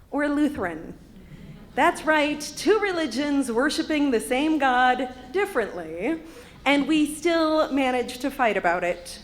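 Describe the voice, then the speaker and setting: A woman in her fifties from Wisconsin, with a Wisconsin accent, telling a personal story on stage with a wry, humorous delivery. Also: fairly high pitch. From Wisconsin, USA. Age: 50s. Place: arts center stage.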